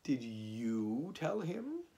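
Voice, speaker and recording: A man reading aloud, voicing a gloomy, solemn male donkey who speaks slowly and scornfully. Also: medium pitch, huge pitch swings, gravelly, warm tone, full character voice. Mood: doubtful.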